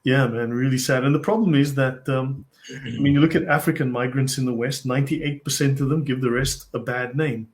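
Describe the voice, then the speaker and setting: A man's voice: mid-range voice, fairly even intonation, a little fast. A man hosting a casual conversational discussion, rambling and often hedging with "I mean". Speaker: host.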